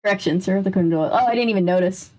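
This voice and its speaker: A woman's voice: medium pitch, quick pace, warm tone. A young woman casually reading a children's mystery book aloud, breaking off for jokey, wry asides.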